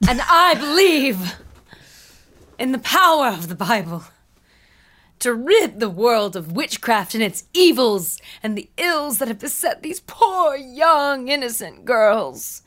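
A woman's voice: a little high, big pitch swings, takes it slowly, fairly bright tone, full character voice. A woman voicing a pompous male puritan reverend who hunts witches, with a preachy, grandiose delivery. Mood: sermonizing.

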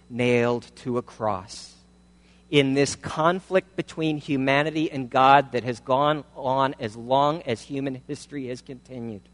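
A man's voice: medium pitch, fairly bright tone. A man preaching a sermon with emphatic build-ups of rhetorical questions and repeated phrases. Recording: long hall reverb.

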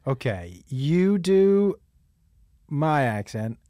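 A man from the United States hosting a casual podcast chat, animated and profane, laughing easily. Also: fairly high pitch, extremely slow, no echo, clean studio sound. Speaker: podcast host.

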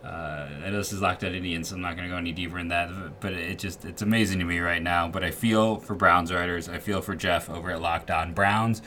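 Male sports podcast host, very low voice, rambling and candid, faint hiss behind. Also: fairly even intonation, fairly quick, hardly any pauses, bright, forceful tone. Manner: rambling, candid, frequent fillers and restarts. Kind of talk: casual sports podcast monologue.

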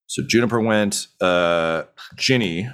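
A man running a tabletop game as game master, narrating in a relaxed, rambling way with many fillers and easy laughs. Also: fairly low pitch, slow pace, smooth.

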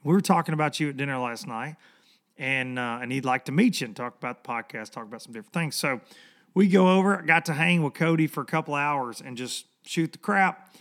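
A man hosting a fishing podcast in casual chat, hoarse from losing his voice, rambling and repeating words for emphasis. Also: on the high side, brisk, fairly bright tone.

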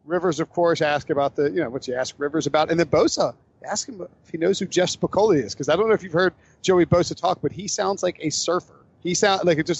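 A man's voice: high voice, fast talker, slightly rough, muffled recording. A man hosting a casual sports podcast, rambling and joking, often correcting himself mid-sentence. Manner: rambling, self-correcting, jokey. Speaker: podcast host.

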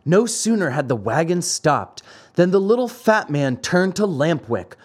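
A man narrating a classic fairy tale with expressive, storytelling flair. His voice is a touch high for a man and swings widely in pitch, rising and dipping through each sentence. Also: a little slow, husky.

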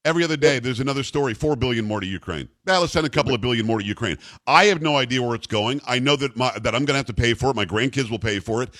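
A man hosting a talk radio show, emphatic and incredulous, tripping over his words when excited. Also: mid-range voice, rapid-fire, hardly any pauses, no room sound.

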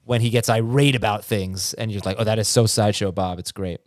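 A man hosting a podcast, reading listener questions in a relaxed, teasing way with plenty of fillers. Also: fairly low pitch, fairly quick, no room sound, studio quality. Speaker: podcast host. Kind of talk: casual chat.

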